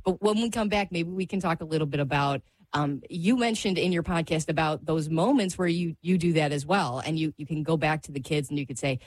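A woman's voice: deep voice, brisk, few pauses, dry recording. A woman hosting a faith-based radio talk show. She talks in a chatty, self-deprecating way and laughs easily.

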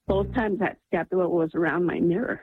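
A woman's voice: lowish voice, brisk, husky, no room sound, soft background music. Woman telling a story over a tinny phone line. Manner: animated storytelling, acting out others' words. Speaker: caller sharing a story. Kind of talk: emotional personal testimony.

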